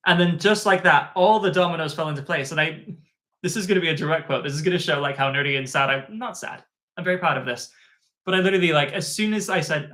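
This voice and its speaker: Male tutor, slightly high, crisp and forceful tone, animated casual storytelling. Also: fairly quick. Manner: animated, chatty, lots of fillers. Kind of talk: casual spoken anecdote.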